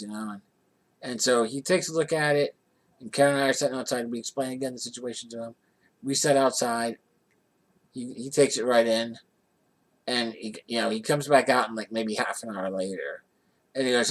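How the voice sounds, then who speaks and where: A man tells a casual personal story in a rambling way, often restarting his sentences. His voice sits at an ordinary mid pitch. He comes across as an easygoing vlogger. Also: moderate pace, pauses often. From Johnstown area, USA.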